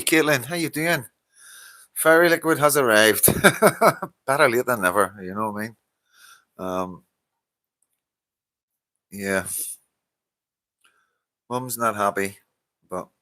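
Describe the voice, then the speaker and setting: A Northern Irish man hosts a relaxed live stream, sounding tired as he reads out viewers' names and laughs between lines. His voice sits a little low but comes across bright and forceful. He talks loosely and swears without a second thought. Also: no room sound. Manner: swears freely, greets viewers by name, laughs often. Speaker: livestream host reading viewer comments. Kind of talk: casual live-stream chat.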